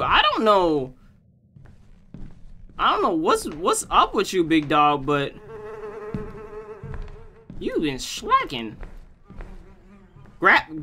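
A young man hosting a gaming channel, joking and trash-talking his way through a horror game, swinging from low mutters to loud yelps. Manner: joking trash talk at the game's granny. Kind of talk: horror game let's play commentary.

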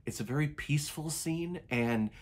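A man giving a casual, animated movie review to his viewers, with enthusiastic asides. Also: on the high side, normal speed, poor audio.

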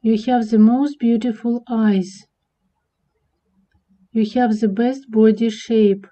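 A woman's voice: a little high, little pitch movement, slow pace, dark tone. A woman voicing a doting cartoon husband who sweet-talks and reassures his wife. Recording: dull lo-fi recording.

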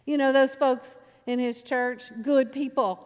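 A woman pastor delivers her sermon in a chatty, storytelling manner and hammers points home through repetition. Her voice sits a little high for a woman. It rings out with the long reverb of a church sanctuary. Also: fairly even intonation, unhurried, a little mellow, clean tone. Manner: conversational storytelling with emphatic repetition.

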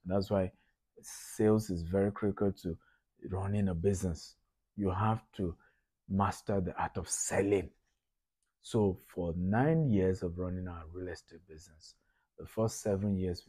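Deep-voiced man lecturing entrepreneurs. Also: dark tone, no echo. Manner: conversational, repeats points for emphasis. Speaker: business lecturer.

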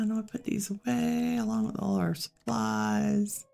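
A woman hosting a relaxed let's-play, musing aloud and chatting to the animals she meets in the game. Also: medium pitch, a little slow, vocal fry, faint music behind. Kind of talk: relaxed gameplay commentary.

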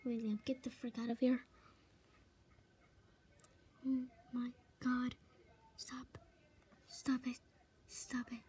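A young woman giving gameplay commentary into a tablet microphone held close, dropping to a whisper and then breaking into loud frightened outbursts. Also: fairly high pitch, flat delivery, slow, pauses often, breathy edge. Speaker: gamer.

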